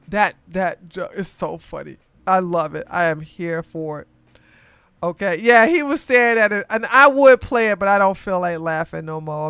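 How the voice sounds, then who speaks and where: A woman hosting a casual livestream commentary, chatty and quick to laugh, with animated bursts. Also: on the low side, clean tone, no echo.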